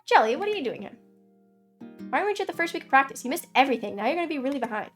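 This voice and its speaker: A woman streamer voicing a pushy high-school bandmate in a story game, in a bossy, teasing tone close to her own voice. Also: sing-song, rapid-fire, a bit bright, soft background music.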